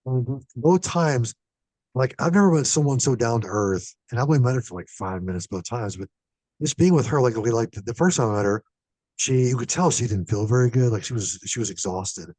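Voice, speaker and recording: A man in a casual horror podcast chat, telling lively stories and swearing freely. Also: medium pitch, fairly quick, dry recording. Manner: animated storyteller, swears casually.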